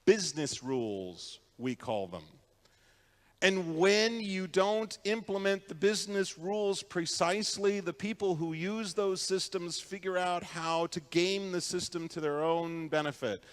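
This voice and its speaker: A man's voice: high voice, measured pace, big-room sound. Man giving a storytelling keynote. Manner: conversational storytelling, asks the audience questions. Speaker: keynote speaker. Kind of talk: conference keynote talk. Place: conference hall.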